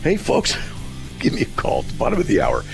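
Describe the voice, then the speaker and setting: A man hosting a call-in radio show, telling stories in an animated way, often laughing and acting out other people's shouting. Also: very deep voice, fast talker, gravelly, over music. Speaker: radio host. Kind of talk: casual storytelling on call-in radio.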